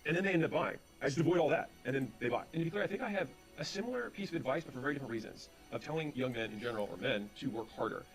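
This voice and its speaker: Man in a sales advice talk, rapid delivery, acts out dialogue, soft music bed. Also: medium pitch. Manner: rapid, animated retelling with quoted dialogue. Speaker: business speaker.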